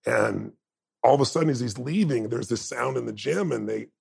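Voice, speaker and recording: Gravelly, husky, impassioned man. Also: medium pitch, normal speed, a little mellow. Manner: emotional, impassioned, emphatic. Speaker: interview guest. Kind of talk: heartfelt conversational storytelling.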